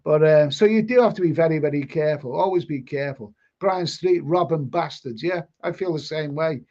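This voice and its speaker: A brisk, slightly high male voice with a darkish tone hosts this casual stream. He reads viewer comments, tells rambling stories, and tosses in blunt, mildly sweary asides, all in dull lo-fi sound.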